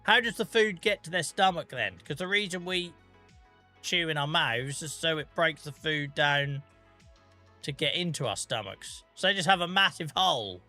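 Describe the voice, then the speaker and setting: A man's voice: on the high side, animated, moderate pace, pushed and bright, soft background music. A British man chatting casually on a live gaming stream, joking, teasing his chat and swearing freely. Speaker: game streamer.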